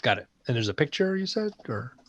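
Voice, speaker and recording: A man chatting casually as a tabletop game player, in a relaxed, questioning way, over a video call. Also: mid-range voice, brisk, dry recording. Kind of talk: casual chat.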